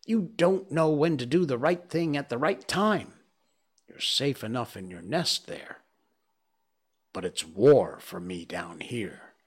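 A storyteller man gives voice to a fierce young mongoose from a storybook, brisk and impatient with his friends. His delivery is slow and deliberate, yet the pitch swings widely. He is set on a fight and wastes no words. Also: lively intonation, slightly rough. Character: brave young male mongoose, fierce and practical.

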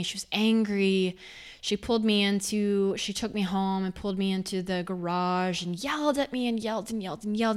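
A woman speaking candidly and reflectively in a personal storytelling monologue, her loudness rising and falling as she goes. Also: medium pitch. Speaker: speaker on faith and sexuality.

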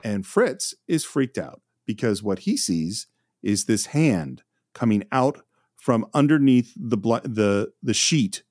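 A man's voice: on the low side, big pitch swings, slow pace, darkish tone, no echo, clean studio sound. A man hosting a podcast, chatting enthusiastically as he recaps an old film. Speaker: podcast host. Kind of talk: casual film discussion.

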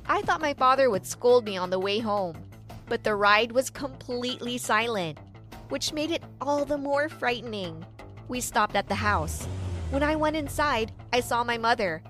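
A woman's voice: a little high, animated, moderate pace, a bit bright, faint music behind. A woman narrating a first-person story in an earnest, dramatic storytelling manner.

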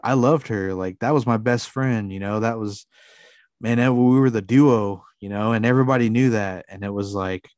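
Low-voiced man, earnest and rambling. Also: normal speed, a little mellow, no echo, clean studio sound. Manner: earnest, rambling, lots of fillers. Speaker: podcast co-host. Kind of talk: casual podcast chat.

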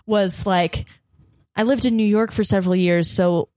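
Woman, podcast guest, casual storyteller. Animated, laughs a lot, swears, acts out quotes. Mid pitch, dry studio sound. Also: normal speed, no room sound.

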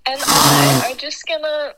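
A woman's voice: sits high, sing-song, a little slow, heavy background noise. A young woman co-hosting a casual podcast chat, giggly and teasing. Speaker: podcast co-host.

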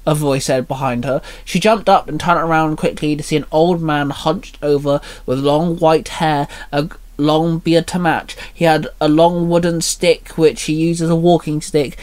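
Casting: male storyteller, steady reading, slightly high voice. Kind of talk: reading a fan story aloud.

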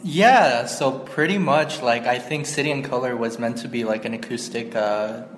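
A man with a mid-range voice co-hosts a casual music podcast, relaxed and halting, filling gaps with fillers. The sound is roomy, with a lingering reverb. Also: medium pitch, a little hiss or hum. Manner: laid-back, hesitant, many fillers. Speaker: podcast producer and co-host.

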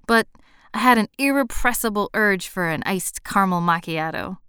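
Expressive woman narrator for a romance audiobook; smooth, dry, close sound. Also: medium pitch, moderate pace, no room sound. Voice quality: expressive, lively storytelling. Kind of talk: first-person story reading.

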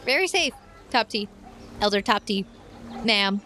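A woman voicing an excitable, lonely young girl who pleads in quick bursts. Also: medium pitch, faint music behind. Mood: pleading.

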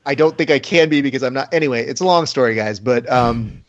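A man's voice: mid-range voice, quick pace, lo-fi sound. A man hosting a casual podcast chat, joking and riffing with his co-hosts. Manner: jokey, riffing with bits. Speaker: podcast host.

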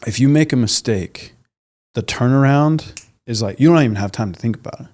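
A man's voice: medium pitch, brisk, a little mellow. A man who works as a bodywork therapist, a guest on a podcast, speaking earnestly and eagerly with many restarts and fillers. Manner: earnest and enthusiastic, frequent restarts and "um", "like". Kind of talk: casual conversational interview.

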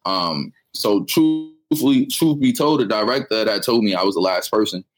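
A man's voice: lowish voice, expressive, normal speed, soft background music. A young man from New York, a poet who is a guest on an interview show, talking in a laid-back, reflective, slangy way. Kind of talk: casual interview chat.

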